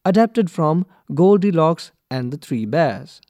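Slow, lively-voiced man reading a storybook. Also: on the high side, no room sound. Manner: clear deliberate read-aloud for learners. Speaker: textbook reader.

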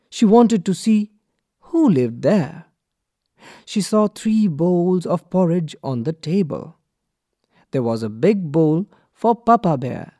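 Guy reading a kids story slow and careful, mellow tone, lots of ups and downs. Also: fairly high pitch, no room sound. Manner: clear deliberate read-aloud for learners. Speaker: textbook reader.

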